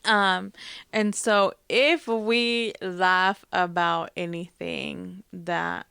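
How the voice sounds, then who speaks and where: A woman podcast host telling personal family stories in a soft, reflective way, pausing often with fillers. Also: on the low side, steady tone, creaky, clear, resonant tone, no room sound. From Hispanic family, Spanish-speaking mother. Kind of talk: personal storytelling.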